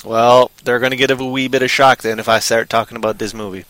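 Bright-voiced man rambling on a podcast. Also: mid-range voice, flat delivery, fast, dry recording, low-quality recording. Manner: rambling, jokey, bursts into loud silly voices. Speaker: podcast co-host. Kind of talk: casual chat.

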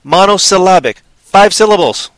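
A man's voice: high-pitched, animated, normal speed, fairly bright tone, no echo. A man hosting a casual live show, talking in a hyper, playful way full of wordplay. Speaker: show host.

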